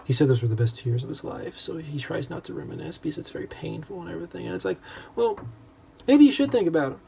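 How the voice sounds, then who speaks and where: A man's voice: on the high side, big pitch swings, fast, gravelly, warm tone, a little hiss or hum. A young man in a casual, rambling book discussion, full of self-deprecating asides. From United States.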